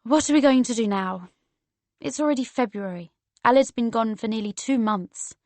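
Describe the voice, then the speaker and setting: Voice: mid-range voice, moderate pace, darkish tone, no echo, close to an everyday voice. A woman voicing an anxious young friend in an audiobook. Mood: worried.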